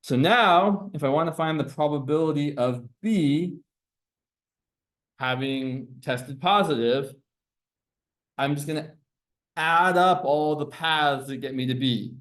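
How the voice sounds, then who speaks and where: A man teaches a classroom lecture on probability, working through it step by step, asking the class questions and correcting himself along the way. His voice is a little high and fairly bright, and he speaks slowly with frequent pauses.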